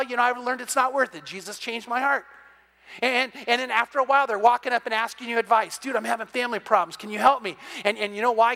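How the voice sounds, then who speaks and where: An older man preaching a sermon as pastor, animated and acting out little conversations, often repeating words as he restarts. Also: very high-pitched. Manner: animated, acts out dialogue in quotes, repeats words when restarting. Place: church sanctuary. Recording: long hall reverb.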